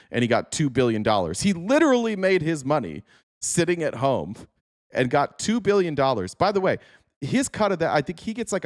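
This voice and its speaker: Sarcastic, profane podcast host ranting. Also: male voice, mid-range voice. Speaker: podcast host reading chat comments. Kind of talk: casual political talk.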